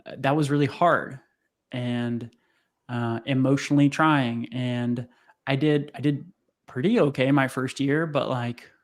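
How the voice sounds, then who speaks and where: A young man, a podcast guest, telling a personal story in casual conversation, acting out what people said in a raised voice. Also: unhurried. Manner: animated, acts out quotes in high voices. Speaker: podcast guest, sales coach.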